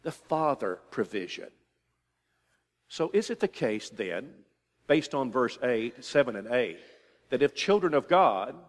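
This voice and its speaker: An older man preaching a sermon, animated, acting out children's requests and a father's answers. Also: medium pitch. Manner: animated, acts out children's pleas and fatherly replies. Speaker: pastor. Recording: long reverb of a large hall.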